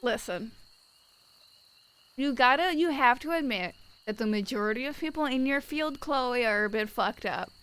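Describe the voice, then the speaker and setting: A woman's voice: a little high, animated, normal speed, a bit bright, clean tone. A young woman streaming live, chatting casually and reading out viewers' messages in a blunt, wry way.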